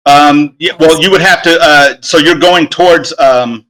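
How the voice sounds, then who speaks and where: A man runs a tabletop game as game master, his voice bright and a little high for a man. He narrates the scene in a halting way, full of fillers and restarts.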